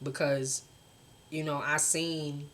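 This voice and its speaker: A woman's voice: deep voice, little pitch movement, slow pace, a bit bright, slight background noise. A young woman, venting bluntly and passionately in a casual vlog, swearing often and talking straight to her viewers. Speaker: vlogger.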